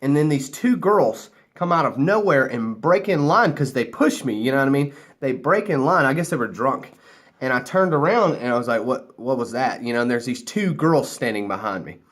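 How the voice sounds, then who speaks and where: A man's voice: mid-range voice, big pitch swings, normal speed, fairly bright tone. An American man telling a rambling story casually to camera, loose and a few drinks in. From United States. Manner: rambling, laughing, loose and chatty. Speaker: vlogger.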